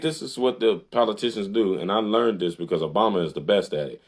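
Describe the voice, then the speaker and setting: Deep-voiced man ranting sarcastically. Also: fast talker, few pauses. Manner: sarcastic, heated, rising to high outbursts. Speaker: commentator. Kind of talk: casual monologue reading and critiquing a website.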